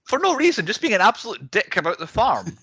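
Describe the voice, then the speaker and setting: A man's voice: high-pitched, wildly swooping pitch, fast talker, bright, forceful tone, husky, no echo. A man hosting a casual podcast chat, rambling through film complaints and acting out scenes in mocking voices. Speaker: podcast host.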